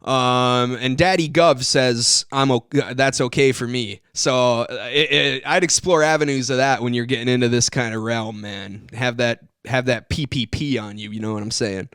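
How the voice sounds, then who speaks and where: A man's voice: mid-range voice, normal speed, few pauses, fairly bright tone, smooth, dry recording, clean studio sound. A man hosting a casual interview, rambling and swearing, laughing often. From Michigan. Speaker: podcast host.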